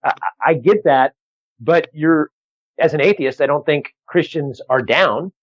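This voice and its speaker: A man's voice: on the high side, unhurried, no echo. A man, a comedian, telling a story on a podcast over a video call, rambling with many restarts and acting out both sides of an exchange. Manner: rambling, animated, restarts often, acts out quoted exchanges. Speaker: comedian guest. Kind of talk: casual podcast interview storytelling. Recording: dull lo-fi video call audio.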